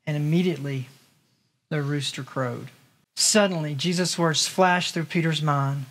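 A man's voice: a little high, a little slow, fairly bright tone. A male pastor preaching a sermon to his congregation, talking conversationally and asking them rhetorical questions. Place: church in Las Vegas.

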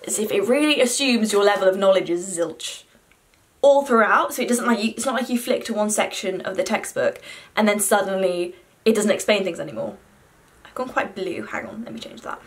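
Young woman vlogger, chatty and self-deprecating, mid-pitched, talking to camera at home. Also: slight background noise. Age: young adult. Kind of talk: casual chat to camera.

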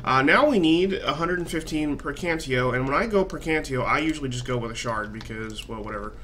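A man's voice: medium pitch, a little fast, fairly bright tone, a little hiss or hum. A man casually narrating his own gameplay, rambling and swearing freely with a self-mocking streak. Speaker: gaming channel host. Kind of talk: casual let's-play commentary.

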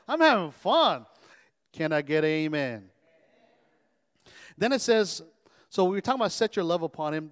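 A man preaching as pastor, animated, often calling on his congregation for an amen. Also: high-pitched, long reverb tail. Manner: animated, call-and-response preaching. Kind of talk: sermon. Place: church sanctuary.

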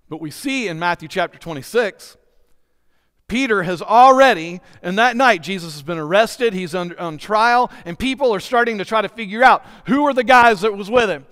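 High, smooth-voiced man preaching in a reverberant church. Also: normal speed, a bit bright. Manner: earnest, questions the congregation directly. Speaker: pastor. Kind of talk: sermon. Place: church sanctuary. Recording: long hall reverb in a church.

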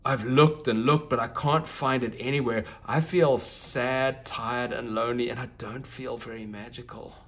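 A man voicing a gentle, hopeful young female unicorn in a children's storybook reading, sweet and full of wonder. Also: mid-range voice, fairly even intonation, moderate pace, hardly any pauses, natural voice. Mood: sad.

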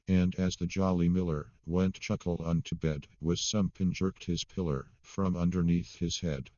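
A man reading a comic ballad aloud in a steady storytelling manner. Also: low-pitched, normal speed, few pauses, dry recording, highs cut off. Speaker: poetry reader.

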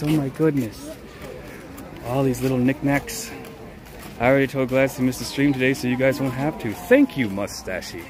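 A man streaming live on his phone, walking an outdoor night market and joking theatrically. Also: mid-range voice. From United States. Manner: playful, theatrical and jokey. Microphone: handheld phone. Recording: phone mic with loud street crowd. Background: busy crowd chatter.

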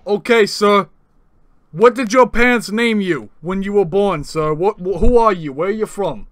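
A man with a high-pitched voice plays a brash comic persona on a random video chat. He curses freely and grills strangers one blunt question after another. The sound is dry and close, picked up by a computer microphone at a desk. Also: moderate pace, fairly bright tone, dry recording. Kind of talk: prank video-chat comedy. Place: indoors at a desk.

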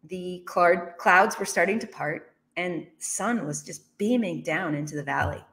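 A woman's voice: fairly low pitch, unhurried, a bit bright. A woman in her thirties or forties telling a personal business story as a motivational speaker, acting out her own reactions with laughs.

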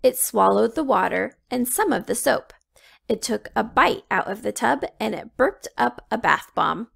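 A woman reading a children's storybook aloud, slow and expressive. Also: fairly high pitch, vocal fry, breathy edge. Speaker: children's book reader.

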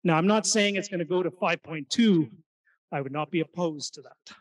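A man gives an energetic seminar talk to a live crowd, firing questions at the audience. His voice sits high for a man. He sounds some way off the microphone in a meeting room. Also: normal speed, distant mic, poor audio. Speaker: real estate investing presenter. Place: meeting room at an investor event.

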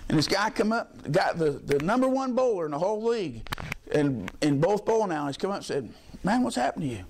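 A man's voice: high voice, sing-song, fairly quick, a little mellow, slight background noise. A middle-aged man preaching a sermon as pastor, telling folksy stories in plain colloquial speech and dropping frequent amens.

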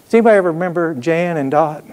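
A man preaching with a drawl, his voice sitting a little high for a man. He spins homespun stories and keeps checking in with the congregation. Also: very fast, darkish tone, smooth. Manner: folksy storytelling with call-and-response asides. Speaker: pastor. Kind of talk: sermon.

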